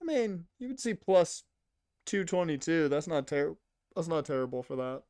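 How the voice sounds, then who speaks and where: A man's voice: fairly high pitch, sing-song, moderate pace, a little mellow, dry recording, clean studio sound. A young man rambling casually to his chat while streaming a game. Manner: rambling, chatty, talks to chat.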